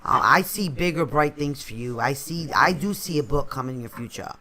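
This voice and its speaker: A woman's voice: sits low, expressive, fairly quick, sharp tone. A woman co-hosting a casual live stream chat, effusive and full of compliments.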